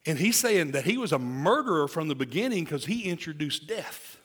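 A man in his forties preaching a sermon in a lively, joking way, swinging from loud emphasis to hushed asides. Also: fairly high pitch, brisk, slightly rough. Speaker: pastor.

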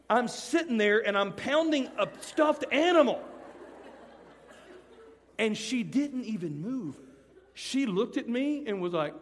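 A middle-aged man preaching a sermon to students before a live audience. He tells a personal story with animated comic swings, then turns hushed and earnest. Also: extremely high pitch, unhurried, a little hiss or hum. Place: large hall with a live audience. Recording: long hall reverb from a live venue.

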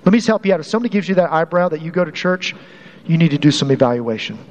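A man's voice: a little high, very fast, big-room sound, lo-fi sound. A man preaching a sermon as pastor in a conversational way, often restarting and repeating phrases to drive a point home.

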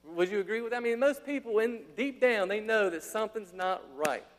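Man, pastor, sermon, high voice, animated, casual slang asides, long hall reverb. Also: a little fast, slight background noise.

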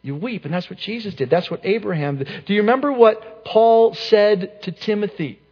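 A pastor preaches in a high, slightly rough voice at normal speed, earnest and searching, often repeating himself and letting phrases fall to a hush. The audio is dull and lo-fi, with long reverb trailing each line.

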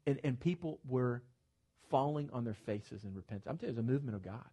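A man preaching a sermon to his congregation, emphatic and animated, with joking asides and repeated words at the starts of phrases. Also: medium pitch, quick pace, husky. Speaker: pastor. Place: church sanctuary with congregation.

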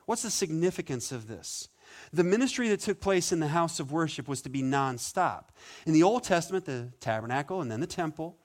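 Animated male pastor preaching. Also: fairly high pitch, fairly quick. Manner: conversational and animated, with playful asides. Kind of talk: sermon.

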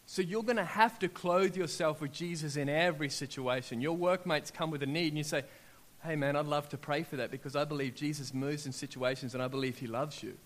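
A middle-aged Australian man preaching a sermon, telling personal testimonies and acting out what people said, building to loud, excited peaks. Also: a little high, fairly quick.

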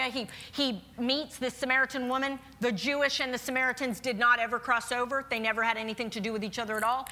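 A woman in her forties preaching a sermon, reading scripture and speaking earnestly and personally, slowing down for emphasis. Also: a little high, bright, forceful tone.

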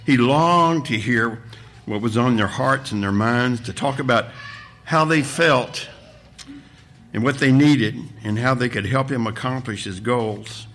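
Pastor reading a story aloud. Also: male voice, medium pitch, unhurried. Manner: expressive storytelling, voices the characters. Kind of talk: sermon with a read-aloud story.

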